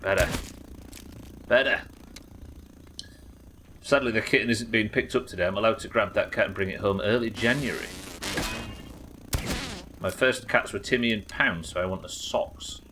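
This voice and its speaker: A man from the UK streaming a survival game live, yelling at the game, swearing, and reading out chat messages. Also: lowish voice, normal speed, long pauses, background noise. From United Kingdom. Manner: excitable, swears a lot, yells at the game.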